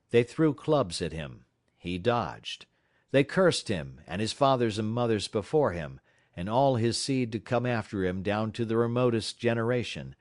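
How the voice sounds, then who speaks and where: A man reading a classic novel aloud as an audiobook narrator, in a measured, dramatic storytelling manner. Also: on the low side, a little mellow, dry recording, clean studio sound. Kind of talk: scripted narration.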